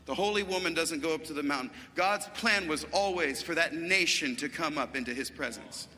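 A middle-aged man preaching a sermon with passion, moving quickly between loud and quiet passages. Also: fairly high pitch, in a large hall. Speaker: guest preacher.

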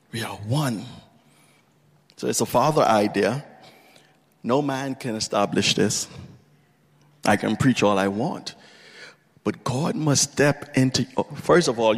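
A man preaching a sermon with fervent passion, moving from low, measured speech to bursts of shouting. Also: slightly rough. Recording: long reverb of a large hall.

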